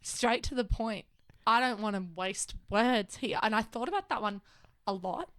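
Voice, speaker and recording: Woman in an improv comedy scene as a self-important egg collector who over-explains in a rambling, earnest way; slightly high voice. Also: moderate pace, a bit bright, no echo, studio quality, close to an everyday voice. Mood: self-assured.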